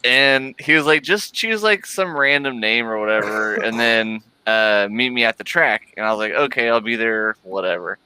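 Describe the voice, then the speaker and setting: A man's voice: on the low side, normal speed, hardly any pauses, pushed and bright, smooth, dry recording, poor audio. A man hosting a casual livestream, rambling through a funny story with lots of "like" and frequent laughter. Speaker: livestream host.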